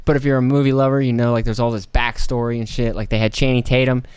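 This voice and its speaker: A man's voice: mid-range voice, flat delivery, fast, a little mellow, clear, resonant tone, dry recording. An American man hosting a casual solo podcast, rambling and profane, slipping into mocking put-on voices. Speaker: podcast host.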